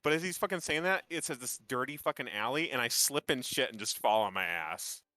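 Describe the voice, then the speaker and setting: A man playing in a tabletop game, excitable and swearing freely as he describes his character's actions. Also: medium pitch, fairly quick. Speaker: player. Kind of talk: casual game chat.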